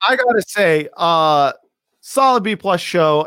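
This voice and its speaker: A man hosting a casual podcast, talking in a rambling, halting way with many fillers and restarts. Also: high voice, animated, bright, forceful tone, clean tone, no echo, clean studio sound. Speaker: podcast host.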